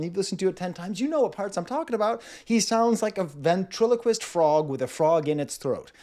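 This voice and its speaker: A man in his forties talks through a rap album with a lively, swooping delivery that sits a touch high. He is playful and keeps slipping into quick imitations of vocal styles, laughing along the way. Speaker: music reviewer. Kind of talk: casual music analysis.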